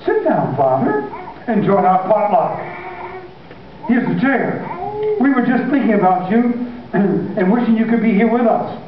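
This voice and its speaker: Smug grown sons soothe and patronize in a breezy, high voice, as a preacher plays them. The voice is dull and comes from far back in a hall with heavy echo. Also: male voice, sing-song, measured pace, long pauses, noisy background.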